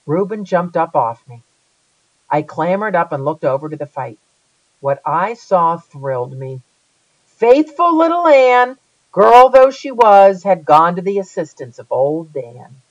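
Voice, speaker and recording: Give me a lively first-person audiobook reader with a dry, slightly dull studio sound. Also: mid-range voice, measured pace, no echo. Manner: lively, dramatic reading. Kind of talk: first-person storybook narration.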